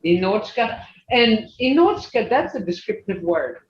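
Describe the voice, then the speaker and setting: Patient teacher with a lively, slow voice. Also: mid-range voice. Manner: patient, repeats words and checks understanding. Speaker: language teacher. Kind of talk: online language class. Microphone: video call. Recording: echoey, muffled video call audio.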